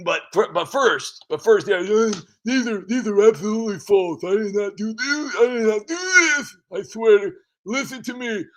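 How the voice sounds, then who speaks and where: A man's voice: high-pitched, normal speed, pitched above the performer's own voice, natural voice. A man doing a whiny, cocky male politician. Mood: protesting. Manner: whiny, boastful.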